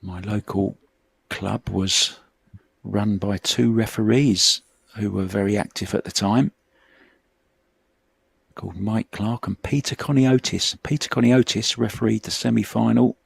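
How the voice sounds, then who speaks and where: A man's voice: on the low side, gravelly, slightly rough, dry recording. A middle-aged man, commentating on a pool match in a chatty, reminiscing way. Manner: chatty, reminiscing between shots.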